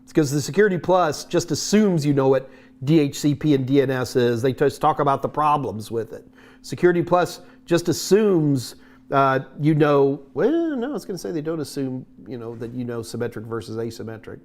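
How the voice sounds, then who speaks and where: A man's voice: mid-range voice, expressive, brisk, a little mellow. A man hosting a live stream, answering viewer tech questions in a jokey, rambling way with many restarts.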